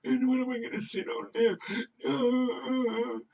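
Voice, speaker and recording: A man's voice: very high-pitched, steady tone, slow pace, vocal fry, darkish tone, far from the mic, voice pushed up, heavily acted. A man putting on the voice of a little baby bear cub crying over a broken chair, wailing and drawn out.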